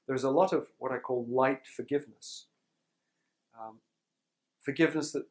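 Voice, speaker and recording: A man giving a conference talk to pastors in a sermon tone, measured and reflective, often pausing to clear his throat. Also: medium pitch, poor audio. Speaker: speaker teaching pastors on forgiveness.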